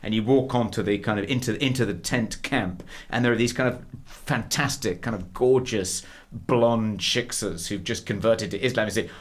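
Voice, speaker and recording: A man's voice: lowish voice, normal speed. A middle-aged man co-hosting a podcast, talking casually with lots of hesitations and restarts. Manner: hesitant, many fillers and restarts. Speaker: podcast co-host. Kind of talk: casual chat.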